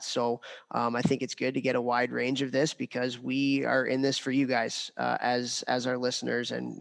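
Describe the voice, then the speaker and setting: A man's voice: mid-range voice, creaky, a bit bright. A young adult man co-hosting a sports podcast, talking casually with many fillers and restarts. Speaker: podcast co-host.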